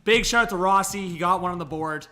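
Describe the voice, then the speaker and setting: A young man hosting a live hockey reaction stream, chatty and excitable, thanking viewers and coaxing his dog. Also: sits high, fast. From Canada. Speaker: livestream host.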